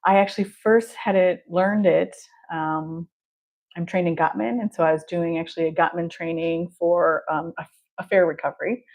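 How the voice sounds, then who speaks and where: A woman's voice: on the low side, fairly even intonation, normal speed, a little mellow. A woman therapist hosting a podcast, telling a candid personal story in an open, chatty way and laughing often between phrases.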